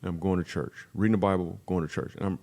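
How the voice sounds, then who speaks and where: Brief: male comedian guest on a podcast, rapid-fire storyteller with a lowish voice, jumps into quick character voices. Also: steady tone, vocal fry, a little mellow. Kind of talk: comic storytelling in a podcast interview.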